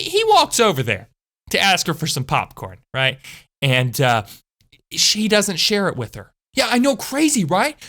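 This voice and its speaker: A woman telling a story from school in a chatty, animated way, with frequent asides to her viewers. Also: medium pitch. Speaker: channel host. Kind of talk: storytime vlog.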